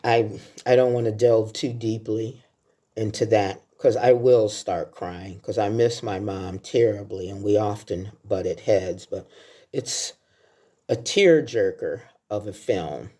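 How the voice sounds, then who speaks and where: A woman's voice: rumbling low, takes it slowly, warm tone. A woman in her sixties talking casually through a countdown of her favorite films, telling heartfelt stories along the way. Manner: chatty, heartfelt storytelling. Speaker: film vlogger. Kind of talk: casual film countdown talk.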